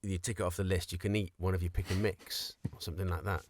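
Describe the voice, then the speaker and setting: A man's voice: low voice, level tone, no echo. A man co-hosting a podcast, chatting in a playful way. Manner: playful, quick to laugh along. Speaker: podcast co-host. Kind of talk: casual chat.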